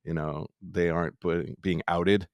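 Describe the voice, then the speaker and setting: A man with a very deep voice thinks out loud and circles around his point with questions to himself. The sound is dry and close. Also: fairly even intonation, normal speed, no echo. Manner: reflective, rambling, self-questioning. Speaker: chef. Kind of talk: candid podcast conversation.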